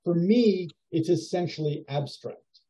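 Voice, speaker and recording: A man teaching a writing workshop over a video call, giving feedback in a musing, halting way with many fillers. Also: on the high side, mellow. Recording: dull lo-fi video call audio.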